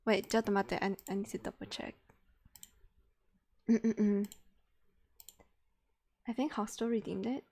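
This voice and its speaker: A woman's voice: mid-range voice, fairly even intonation, normal speed, pauses often, darkish tone. A young woman streaming live, chatting casually in a playful, giggly, self-mocking way.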